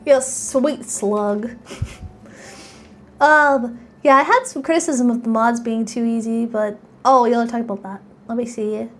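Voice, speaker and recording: A young woman VTuber chatting on a live stream, excitable, squealing and giggling as she thanks her viewers. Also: a little high, a little slow.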